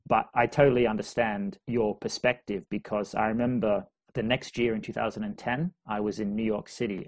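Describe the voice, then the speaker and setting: A man hosting a casual travel chat, relaxed and supportive, recalling his own bus trips. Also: on the low side. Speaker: podcast host.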